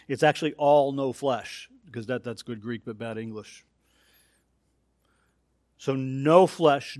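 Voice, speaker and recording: A man delivers an expository sermon and works through the text point by point, pressing hard on the key phrases. His voice sits at an ordinary middle pitch. The sound is dry and close, with no room echo. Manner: emphatic, explains verse by verse with rising stress on key points. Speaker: preacher.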